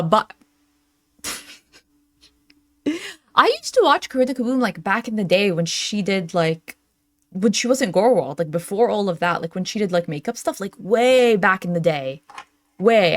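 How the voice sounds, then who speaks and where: A woman's voice: mid-range voice, no echo. Young adult woman, reaction host, casual chatty commentary, filler-heavy, dry close sound. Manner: chatty, lots of fillers, laughs often. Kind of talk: casual commentary reading chat messages.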